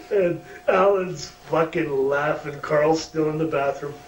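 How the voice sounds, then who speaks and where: Slow-talking profane storyteller man. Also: a little high, a bit bright. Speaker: retired wrestler, interviewee. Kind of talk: shoot interview storytelling. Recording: roomy distant mic, faint hum.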